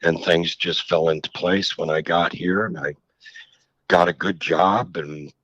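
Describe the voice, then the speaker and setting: A middle-aged man speaks slowly in a low, deep voice, recounting his life frankly and reflectively, often restarting his sentences. The sound is dry and a bit dull, like lo-fi audio. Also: steady tone, a bit bright, husky, no echo. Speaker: author guest. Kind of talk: candid interview conversation.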